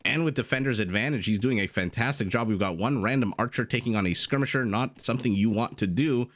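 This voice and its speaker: A man's voice: medium pitch, fast. A young man giving playful, self-deprecating live commentary on a strategy game, with jokey asides. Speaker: game caster.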